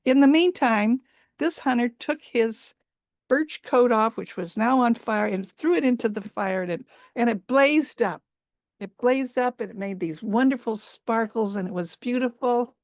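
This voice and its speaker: A woman's voice: fairly high pitch, measured pace, no echo, studio quality. Woman telling a folk tale. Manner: repeats words for emphasis, sensory detail. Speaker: storyteller. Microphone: video call.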